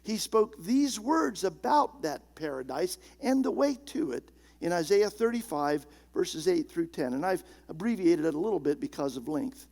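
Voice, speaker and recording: A man preaching with a high voice and a gravelly edge. He is emphatic, slowing down and sinking low and quiet to stress key words. He speaks as a pastor in the middle of a sermon. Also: sing-song.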